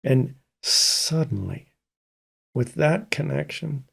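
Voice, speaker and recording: An older man from Mississippi, telling stories slowly and thoughtfully as an interview guest. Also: fairly high pitch, animated, fairly bright tone. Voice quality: gravelly and husky. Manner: slow, thoughtful storytelling with many pauses. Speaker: guest, pianist and composer. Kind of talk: casual interview talk.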